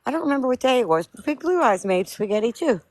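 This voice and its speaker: A woman's voice: on the high side, expressive, quick pace, dry recording. A woman chatting on a live stream while walking outdoors up hills, out of breath, holding her phone away from her mouth. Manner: chatty, warm, apologetic. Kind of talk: casual live-stream chat. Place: outdoors on hilly streets. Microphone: phone held away from mouth.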